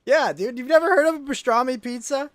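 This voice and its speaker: A streamer rants and swears freely in exasperation during a casual livestream chat while he games. His voice is very high and fairly quick, and there is no room sound.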